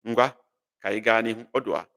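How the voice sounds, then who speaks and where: A man teaching a live online language class, patiently correcting students and slowly repeating phrases. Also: lowish voice, fairly bright tone, big-room sound. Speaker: language tutor.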